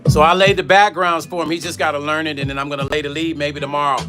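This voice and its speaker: A man's voice: a little high, flat delivery, quick pace. A man who produces music hosts a casual livestream from his studio. He chats loosely and reads out viewer comments. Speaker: music producer and vlog host.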